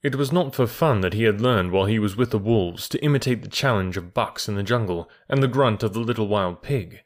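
A man reading a classic storybook aloud in a calm, measured way. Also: on the low side. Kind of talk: storybook narration.

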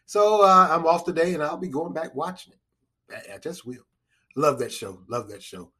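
A man's voice: fairly high pitch, normal speed, sharp tone, breathy edge. A man hosting a casual solo podcast, rambling and repeating himself with chuckling asides. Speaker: podcast host.

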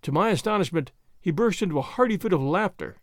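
A man narrating a first-person story in an expressive, measured way. His voice rides high and moves animatedly through each sentence. The sound is close and dry. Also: no echo. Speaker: audiobook narrator.

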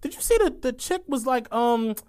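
A man's voice: very high voice, animated, moderate pace, darkish tone, smooth. A man co-hosting a podcast, chatting loosely with plenty of slang, swearing and laughter. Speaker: podcast co-host. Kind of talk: casual chat.

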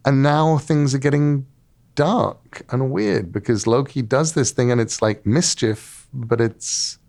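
A middle-aged man talks in a relaxed interview as a guest author. He tells stories with energy, slipping into little voices for the characters. His voice sits at an average pitch. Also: slow pace, vocal fry. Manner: lively storyteller, acts out quotes. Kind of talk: casual interview talk.

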